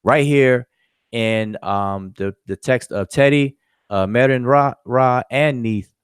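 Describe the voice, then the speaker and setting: A man's voice: medium pitch, slow, smooth, no room sound, clean studio sound. A man giving an informal spoken recap of a lecture, explaining step by step with frequent fillers. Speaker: lecturer summarizing a discussion.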